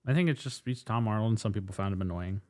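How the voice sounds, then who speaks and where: A man co-hosting a casual movie podcast, talking in a lively, jokey way and slipping into mocking voices. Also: on the low side, fast. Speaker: podcast co-host. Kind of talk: casual movie review chat.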